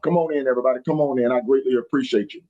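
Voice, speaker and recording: This middle-aged podcast host is traveling and streaming his show live, greeting viewers by name again and again with folksy hype. He talks rapid-fire at a medium pitch in a steady tone, and the sound is lo-fi.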